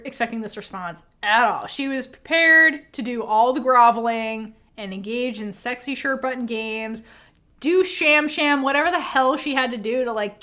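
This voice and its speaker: Podcast co-host, woman, high-ish and very lively delivery, casual recap chat with acted-out quotes. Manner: animated, acts out characters' lines with lots of swearing and laughter.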